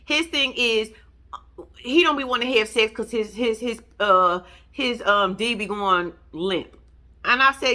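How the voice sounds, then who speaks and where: Bright-voiced woman doing a blunt, swear-heavy reality show recap, voice jumps way up when she makes a point. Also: expressive, moderate pace. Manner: blunt, sassy, swears freely, swings pitch up for emphasis.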